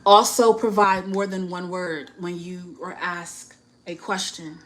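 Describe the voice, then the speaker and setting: A woman's voice: on the low side, level tone, unhurried, poor audio. A woman with a US Northeast accent giving dating advice in a casual vlog, chatty and frank and often laughing at herself.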